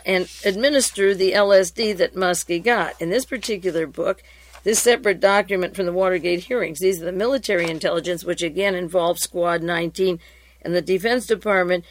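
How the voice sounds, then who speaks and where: A woman reading congressional hearing transcripts aloud in a steady, even voice. She then moves into her own commentary, with fillers and restarts. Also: fairly low pitch.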